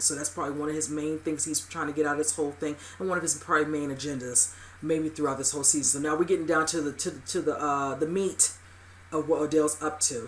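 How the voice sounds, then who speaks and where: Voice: mid-range voice, fairly bright tone, slight background noise. A host recapping a TV episode in casual, rambling talk, full of "you know" and "whatever" fillers and emphatic exclamations. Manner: emphatic, exclaiming at upsetting scenes.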